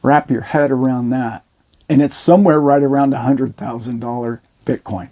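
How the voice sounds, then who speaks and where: A man's voice: mid-range voice, moderate pace. A man casually telling his viewers a story, acting out the quoted lines of the people in it. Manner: animated retelling, acting out quoted dialogue. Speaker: host.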